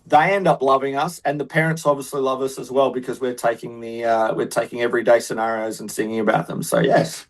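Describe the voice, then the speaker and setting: A man's voice: medium pitch, flat delivery, quick pace, hardly any pauses, poor audio. Australian man, rambling guest answers. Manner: rambling, hesitant, many fillers and restarts. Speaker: guest musician. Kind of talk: interview answers.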